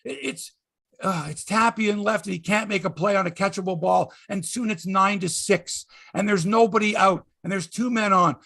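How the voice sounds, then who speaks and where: A middle-aged man hosting a sports podcast, ranting in an exasperated, emphatic way, swearing for emphasis and swinging between loud outbursts and low mutters. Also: normal speed, creaky. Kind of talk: ranting sports commentary monologue.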